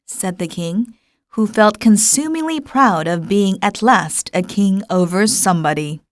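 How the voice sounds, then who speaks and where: Slow, calm woman narrating a story. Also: medium pitch, dry recording, clean studio sound. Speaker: audiobook narrator. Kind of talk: scripted narration.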